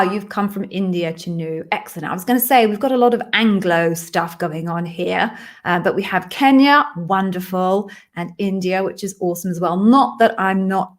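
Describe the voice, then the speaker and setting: A middle-aged woman hosting a live-stream Q&A as an interview coach, chatty and friendly with apologetic asides. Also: lowish voice.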